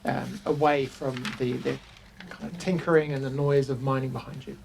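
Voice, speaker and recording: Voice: medium pitch, level tone, moderate pace, vocal fry, noisy background. A game master with a New Zealand accent narrating a tabletop game, hesitant and full of ums and restarts.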